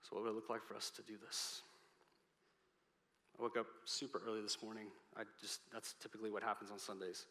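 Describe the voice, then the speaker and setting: A pastor preaching a sermon, earnest, building up and then dropping to a soft voice. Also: male voice, lowish voice, level tone, quick pace. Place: church sanctuary. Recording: reverberant hall.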